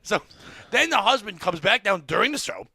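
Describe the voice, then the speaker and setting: An excitable man with a high, gravelly voice tells a wild story on a podcast, swearing freely and yelping out the crowd's screams. His tone is bright and edgy, and the sound is close and dry with no room around it. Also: normal speed, dry recording. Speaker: comedian telling a story on a podcast. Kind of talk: animated storytelling.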